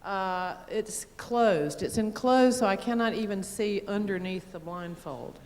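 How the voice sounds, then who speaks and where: A woman delegate giving an earnest spoken testimonial, measured and matter-of-fact as she describes what she has observed. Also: medium pitch, a little mellow. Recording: long hall reverb.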